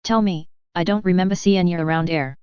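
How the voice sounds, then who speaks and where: A hulking, short-tempered male orc cook, as read by a woman, barking blunt words in rough slang. The voice sits low and comes through very clean and dry on a slightly dull lo-fi recording. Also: fairly quick, no echo, close to an everyday voice. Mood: gruff.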